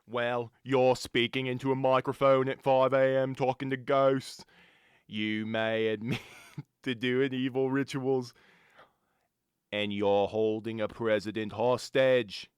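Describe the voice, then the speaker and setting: A young man voicing the pompous ghost of a late male US president, talking loudly and slowly with grand oratory and an oddly British-sounding delivery, into a studio microphone. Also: medium pitch, level tone, clear, resonant tone, no echo, lightly acted. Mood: scolding. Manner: loud, slow, grandiose oratory. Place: radio studio.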